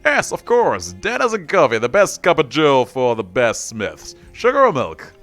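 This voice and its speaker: A man's voice: mid-range voice, wildly swooping pitch, normal speed, fairly bright tone, soft background music, pitched above the performer's own voice. A man voicing an evasive old hermit who plays dumb, reading game dialogue aloud. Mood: feigning innocence.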